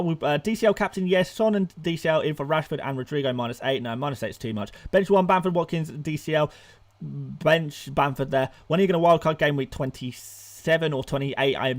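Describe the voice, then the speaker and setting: A young man hosting a live stream, firing off rapid answers to viewer questions, excitable and laughing often, out of breath at times. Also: on the high side. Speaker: fantasy football streamer.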